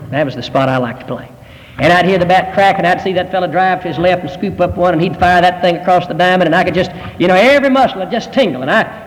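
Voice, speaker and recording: A man's voice: sits high, long reverb tail, rough recording. An older man preaching a sermon, telling stories with earnest, rising emphasis.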